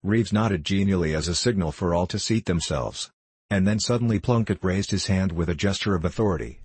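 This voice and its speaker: Male audiobook narrator, deep, husky, dry close sound, measured delivery. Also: a little mellow, dry recording. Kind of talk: scripted narration.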